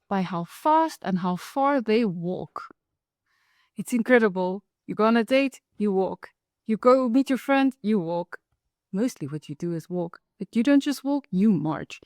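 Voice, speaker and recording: A woman tells a personal story with wry humour. She keeps a lively delivery and acts out the people she meets. Her mid-pitched voice sounds close and dry, with no room around it. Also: no room sound. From South Africa. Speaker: author and storyteller.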